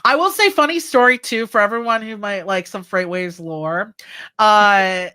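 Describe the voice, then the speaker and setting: A woman's voice: medium pitch, moderate pace, pushed and bright, clear, resonant tone. A woman telling industry stories in a casual podcast chat, with many fillers and restarts. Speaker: guest co-host.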